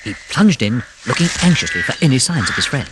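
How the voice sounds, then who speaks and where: An audiobook narrator reading a classic storybook, expressive, with whispered moments of suspense. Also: medium pitch, fast, noisy background.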